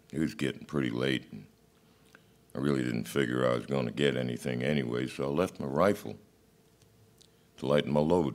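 A man reading a story aloud as a plainspoken male cowboy hunter, folksy and unhurried. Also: a bass voice.

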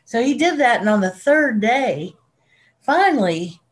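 A woman's voice: a little high, unhurried. Chatty woman podcast co-host. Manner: animated storyteller who laughs often. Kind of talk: casual chat.

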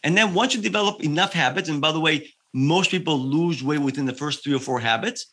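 A man working as a health coach, explaining his approach in a podcast interview, lively and full of examples. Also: fairly high pitch, a little fast.

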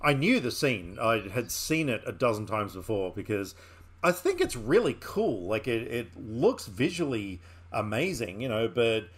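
A man's voice: medium pitch, big pitch swings, moderate pace, husky. A man co-hosting a film podcast, chatting casually and enthusiastically with lots of fillers and restarts. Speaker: podcast co-host.

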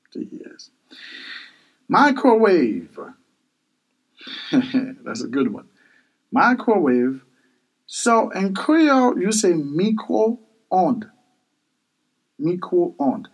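A man's voice: medium pitch, big pitch swings, takes it slowly, long pauses, rough recording. A man teaching kitchen vocabulary, patiently repeating each word several times and spelling words out for learners. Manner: self-correcting and spelling words out. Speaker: language teacher.

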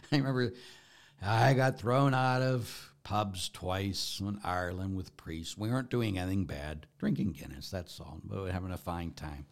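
A man's voice: lowish voice, moderate pace, vocal fry. A middle-aged man, a Catholic priest, preaching in a folksy, joking way with emphatic bursts. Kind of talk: informal preaching talk.

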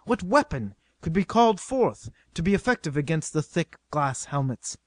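A man's voice: fairly high pitch, normal speed, dry recording, clean studio sound. Man narrating an adventure novel. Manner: steady, dramatic reading. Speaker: audiobook narrator.

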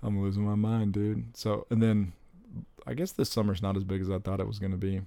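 Excitable young man with a gravelly voice. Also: lowish voice, fairly quick, no room sound. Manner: excitable, rambling, with frequent exclamations. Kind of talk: casual chat about upcoming movies.

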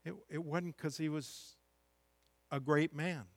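A man's voice: a little high, fairly even intonation, takes it slowly, no echo. A middle-aged man preaching a sermon as pastor, reading scripture and building to impassioned, emphatic peaks.

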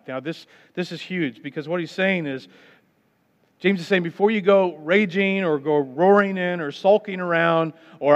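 Conversational male pastor in a reverberant hall. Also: on the high side. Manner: conversational, acts out listeners' complaints in mock voices. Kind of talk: sermon. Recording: dull sound with long hall reverb.

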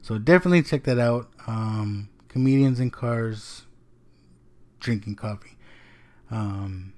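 A man's voice: on the low side, slow, warm tone. A man hosting his own podcast, talking casually with lots of ums and casual swearing. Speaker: podcast host. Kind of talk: casual solo podcast talk.

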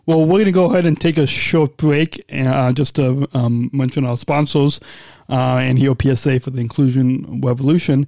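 Mellow-voiced male podcast host. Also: mid-range voice, fairly even intonation, gravelly, no echo, clean studio sound. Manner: halting, many restarts and repeated words. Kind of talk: casual interview.

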